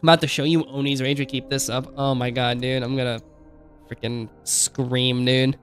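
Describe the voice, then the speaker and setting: A man's voice: medium pitch, fairly even intonation, fast talker, soft background music. A young man ranting in exasperated let's play commentary while hosting his gaming channel, repeating phrases and calling everyone dude.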